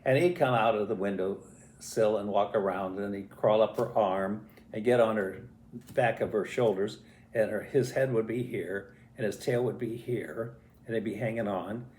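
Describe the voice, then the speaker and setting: An older man telling a family story in a casual, animated way, acting out voices and sounds as he goes. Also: lowish voice, normal speed, a little hiss or hum. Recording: roomy echo.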